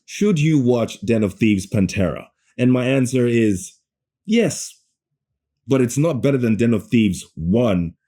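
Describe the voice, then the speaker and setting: A man giving a ranting, sarcastic movie review, animated and swearing, often stumbling and restarting mid-sentence. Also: mid-range voice. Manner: sarcastic, animated rant with profanity.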